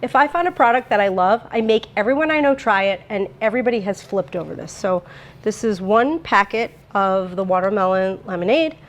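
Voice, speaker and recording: A woman's voice: medium pitch, a little fast, slight background noise. A woman presenting a sponsored cooking demo in a home kitchen, talking in a chatty, bubbly way with lots of fillers. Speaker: brand presenter.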